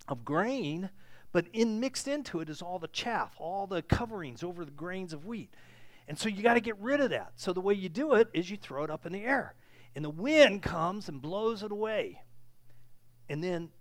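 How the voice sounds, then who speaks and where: In a mid-range voice with no echo, a preacher tells his sermon like an animated story, lurching from loud outbursts to quiet asides and leaving pauses and filler words along the way.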